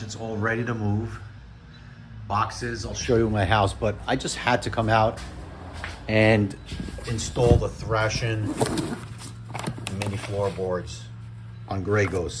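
A man's voice: fairly low pitch, a little slow, long pauses, very noisy. A man rambling in a friendly, chatty way as a motorcycle vlogger, talking casually from his home garage. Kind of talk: casual vlog chat.

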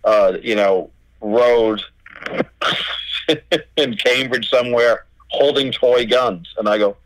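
A man's voice: medium pitch, slow pace, dry recording, poor audio. A middle-aged man, a record label owner, telling stories as a podcast guest, acting out dialogue and swearing freely. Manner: animated, acts out quoted dialogue, swears freely. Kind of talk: casual storytelling interview.

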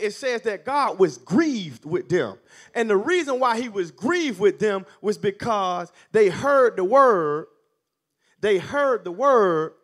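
Preaching with call-and-response, this high-voiced male minister starts in a calm teaching mode and builds until he is nearly shouting.

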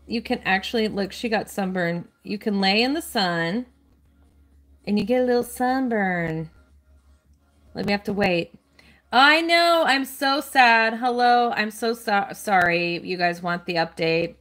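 A woman with a fairly high voice chats her way through a live gameplay stream. She gushes and squeals over cute little details, apologizes a lot and greets her viewers one by one. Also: fairly bright tone. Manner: chatty and gushing, squeals over cute things; apologetic, reads out chat names. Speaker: live streamer playing a kids' game.

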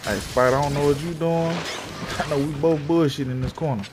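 A man's voice: a little high, fairly even intonation, brisk, noisy background. A man giving casual gameplay commentary, full of profane, slangy trash talk aimed at the game. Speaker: gamer. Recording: game sounds loud behind the voice.

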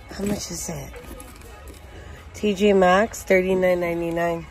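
A woman's voice: fairly low pitch, steady tone, unhurried, pauses often, faint music behind. A woman narrating a casual shopping walkthrough, chatting as she reads out prices and product labels. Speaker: shopping vlogger. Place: inside a large retail store.

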